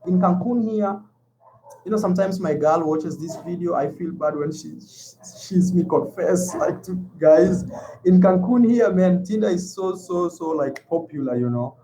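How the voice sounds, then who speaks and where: A man's voice: high-pitched, moderate pace, dark tone, a little hiss or hum, poor audio. A man from Kenya with a Kenyan accent, talking casually to his viewers as a travel vlogger, often repeating himself and calling them "man". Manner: chatty, repeats words, calls viewers 'man'. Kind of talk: casual vlog chat to viewers.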